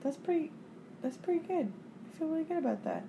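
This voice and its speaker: A woman's voice: high voice, lively intonation, fast, vocal fry, background noise. Giggly woman podcast co-host. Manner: jokey, giggly, mock-seductive sign-off. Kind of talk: casual chat. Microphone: close mic.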